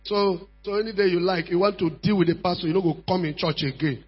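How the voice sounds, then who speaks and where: A male preacher with a high, husky voice drives his sermon with emphatic repetition, dropping low then rising to shouts. The recording is dull and lo-fi, with mains hum underneath. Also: quick pace. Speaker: pastor.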